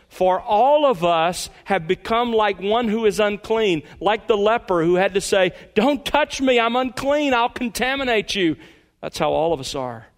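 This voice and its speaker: A man with a notably high voice preaches a sermon to a church congregation. He speaks earnestly, drawing out key words slowly and sinking into quiet, low passages for emphasis. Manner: earnest preaching, slows to stress words, drops to a hush at points. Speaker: pastor.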